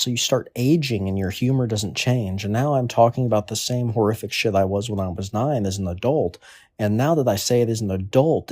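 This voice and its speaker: A man's voice: mid-range voice, mellow, husky, no room sound, studio quality. A man in his twenties delivering a crude comedic monologue in a rambling, offhand way. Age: 20s. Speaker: comedic storyteller.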